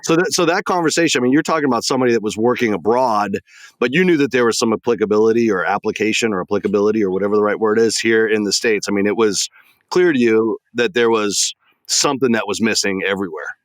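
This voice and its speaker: Low-voiced man, jokey podcast host. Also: fast, no echo. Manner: jokey, chatty. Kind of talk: casual interview talk.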